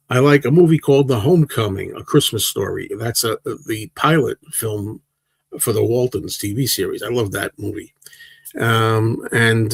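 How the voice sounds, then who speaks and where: A man's voice: lowish voice, gravelly, no echo. A man in his sixties hosting a casual livestream, rambling through viewers' comments and answering them one by one. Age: 60s. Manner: rambling, relaxed, answers chat questions one by one. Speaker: livestream host.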